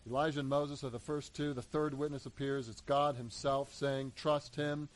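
A man preaching a sermon, animated, acting out voices in the story and building to emphatic peaks. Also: mid-range voice, moderate pace, low-quality recording. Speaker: pastor.

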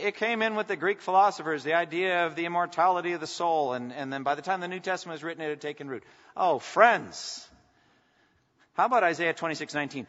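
Speaking with a slightly high and somewhat bright voice, a pastor gives a fervent sermon that surges to emphatic peaks as he reads from scripture. The recording sounds dull and carries a long hall reverb.

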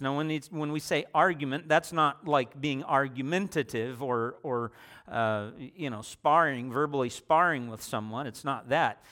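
A man preaching a sermon in a conversational way, slowing down and repeating phrases for emphasis and asking the listeners questions. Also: fairly high pitch, a bit bright. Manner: slow, deliberate delivery with repetition for emphasis; conversational, with fillers and rhetorical questions.

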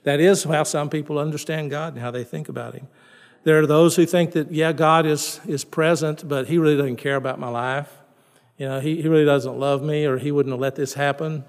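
A man's voice: a little high, steady tone, a little fast. A middle-aged man preaching a sermon as pastor, in a conversational way, repeating and restarting words and asking his listeners questions. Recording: long reverb in a large hall.

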